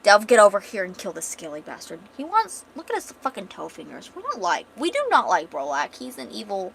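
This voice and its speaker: A woman voicing an evil male orc warlord in a comic read-aloud, gruff and commanding. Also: mid-range voice, wildly swooping pitch, brisk, a bit bright, slight background noise, heavily acted. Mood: mocking.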